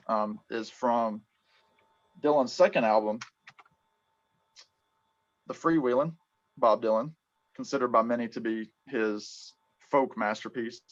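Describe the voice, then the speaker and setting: A man hosting a casual music chat, talking in halting bursts full of ums and restarts. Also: medium pitch, a bit bright. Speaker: podcast host. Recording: dull lo-fi sound.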